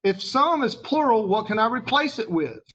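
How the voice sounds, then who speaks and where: High-voiced man teaching grammar. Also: sing-song, fairly bright tone, dull audio. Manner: patient, asks the class questions and pauses for answers. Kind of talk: grammar lesson to a class.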